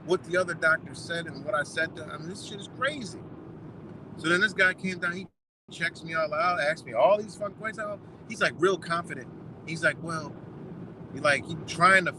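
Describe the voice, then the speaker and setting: A young man with a fairly high voice talks casually, retelling conversations in rapid back-and-forth and swearing as he goes. He is recorded on a phone outdoors, with steady street and car noise behind him. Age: young adult. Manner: retells doctors' talk in quick quoted exchanges, swears freely. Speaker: vlogger. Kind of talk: casual storytelling.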